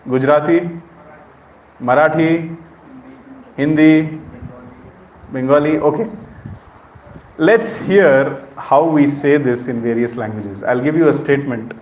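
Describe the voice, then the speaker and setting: A middle-aged man with an Indian accent gives an interactive spiritual lecture in a temple hall, questioning the audience directly. His medium-pitched voice is unhurried with long pauses, and the echoey recording carries slight background noise.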